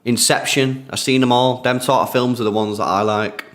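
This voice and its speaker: A man's voice: medium pitch, steady tone, normal speed, fairly bright tone. A young man, streaming a football watchalong, chatting casually and greeting donors by name in slangy speech. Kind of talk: casual live-stream chat reading donations.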